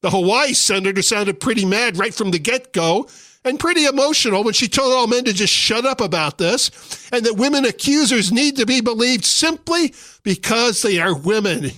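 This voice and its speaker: A male radio talk show host with a high voice, speaking with sarcasm and indignation as he works through a political monologue. The studio sound is close and dry, with no room around him. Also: sharp tone, dry recording.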